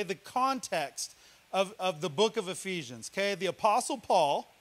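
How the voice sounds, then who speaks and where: A man from Missouri, a guest preacher, delivering a lively sermon with a loud, yelling style and playful teasing of the congregation. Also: high-pitched.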